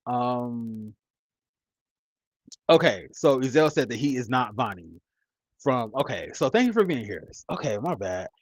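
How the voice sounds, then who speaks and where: A man's voice: mid-range voice, sing-song, measured pace, pauses often, low-quality recording. A man in his mid-thirties giving casual, rambling commentary as a reality TV reviewer, blunt and profane. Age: 30s.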